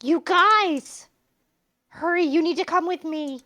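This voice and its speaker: A woman's voice: very high voice, slow pace, a crowd in the background, pitched above the performer's own voice. A woman reading out a young woman's lines from a game, calling out urgently. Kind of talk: reading game dialogue aloud.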